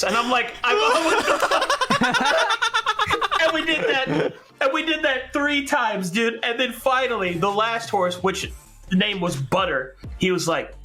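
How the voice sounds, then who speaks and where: Guy telling a game story, laughing a lot, bouncy pitch, bright tone. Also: a little slow, soft background music. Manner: animated, laughs often through the story. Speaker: game master. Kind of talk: casual storytelling chat.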